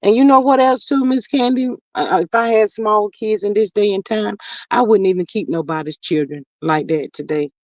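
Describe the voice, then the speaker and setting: A woman's voice: mid-range voice, normal speed, a little mellow, no echo. Woman, live stream host, folksy and sighing, dry dull lo-fi sound. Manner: folksy, sighing, calls viewers "child" and "y'all". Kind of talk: casual live stream chat, reading comments. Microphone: streaming setup.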